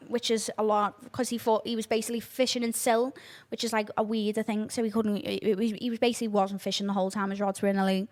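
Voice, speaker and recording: A young woman, hosting a casual podcast, oversharing and swearing freely in animated outbursts. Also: fairly high pitch, fairly quick. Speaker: podcast host. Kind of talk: casual chat.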